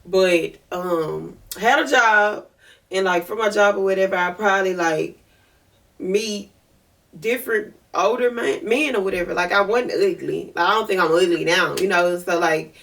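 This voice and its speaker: Give me a chatty woman podcast host with a gravelly edge, recorded from a little way off the mic. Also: medium pitch, normal speed. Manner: chatty, animated, many fillers. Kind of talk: casual storytelling. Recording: voice distant from the mic.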